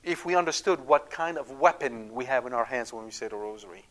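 A man's voice: mid-range voice, fairly quick, fairly bright tone. A man giving an emphatic Catholic teaching talk, often checking in with his listeners. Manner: acts out quoted prayers. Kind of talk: catechetical talk.

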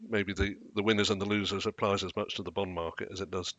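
Bright-toned low-voiced host man. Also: level tone, quick pace, no room sound, highs cut off. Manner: prompts guests by name. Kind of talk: hosting a panel discussion. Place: in the United States.

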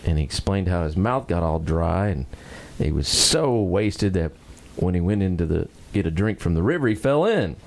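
A man co-hosting a radio show, trading dry quips and telling jokes with animated storytelling. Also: low-pitched, moderate pace, vocal fry, hardly any pauses. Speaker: radio co-host. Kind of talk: casual banter and joke telling.

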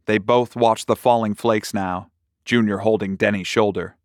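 A man narrating a short story in a slow, measured, deliberate reading. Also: lowish voice, steady tone, no room sound, clean studio sound.

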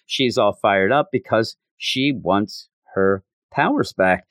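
A man's voice: on the low side, slow, a bit bright, no echo, clean studio sound. Rambling man hosting a podcast. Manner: rambling, self-interrupting. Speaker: podcast host. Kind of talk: casual comic book review.

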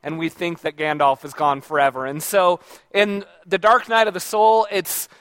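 A man giving an informal talk to a live audience, speaking conversationally with plenty of fillers and restarts, and pausing to ask the audience questions. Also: sits high, flat delivery, fairly bright tone, clean tone, dry recording. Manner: checks in with the audience by asking questions. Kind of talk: informal lecture.

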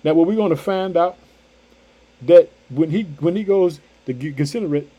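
A man preaching a sermon with emphatic, repetitive phrasing, swinging between loud outbursts and hushed asides. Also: a little high, moderate pace.

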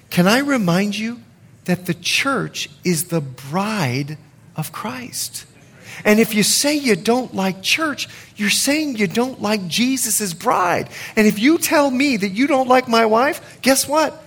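A man preaching a sermon, animated, with jokes and asides to the congregation. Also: very high-pitched, slow pace, husky. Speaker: pastor.

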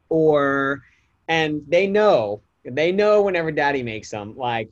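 Man, 30s, podcast co-host, chatty, talks to listeners, mid pitch. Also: sing-song, unhurried, dull audio. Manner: chatty, addresses listeners as guys. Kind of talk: casual podcast chat.

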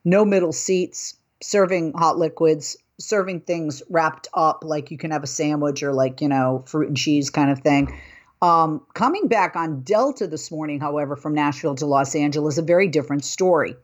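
A woman's voice: sits low, moderate pace. A middle-aged woman hosting a talk show, telling a travel story in a chatty way and building into an exasperated rant. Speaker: host. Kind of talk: casual commentary monologue.

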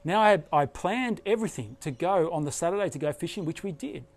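A man's voice: on the high side, lively intonation, fairly quick. A middle-aged man preaching a sermon, earnest and emphatic, with rising bursts of feeling as he stresses points. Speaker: pastor.

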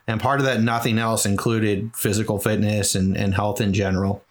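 A man's voice: lowish voice, little pitch movement, normal speed. A middle-aged man from New England telling a long personal story as an interview guest, earnest and rambling with many fillers. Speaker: guest, charity marathon runner.

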